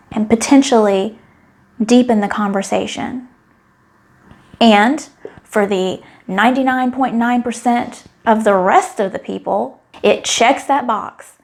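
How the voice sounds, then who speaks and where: A middle-aged woman talking to camera in a candid, wry and emotionally open personal monologue. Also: on the high side. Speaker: vlogger.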